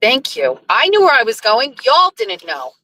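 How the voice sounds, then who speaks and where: A woman hosts a casual live chat while driving her car, talking in a chatty, scattered, blunt way and sounding emotional and overwhelmed. Her voice is fairly high, with huge pitch swings, a moderate pace, and a sharp tone, and the audio is poor.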